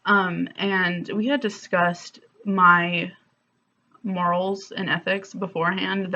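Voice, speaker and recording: A woman's voice: lowish voice, fairly bright tone. Candid woman vlogger, lo-fi sound. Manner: candid, emotional, many fillers like "like" and "um". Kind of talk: confessional storytelling vlog.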